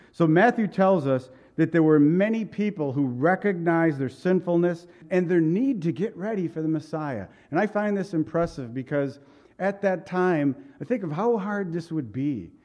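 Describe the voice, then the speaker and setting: A man's voice: a little high, a little mellow. A male pastor preaching a sermon in a conversational, emphatic way, full of rhetorical questions.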